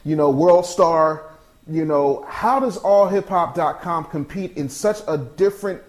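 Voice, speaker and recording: A brash male podcast host who talks business straight and in your face, with streetwise slang. His voice sits a little high for a man. He moves between casual chat and punchy ad reads. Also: a little slow.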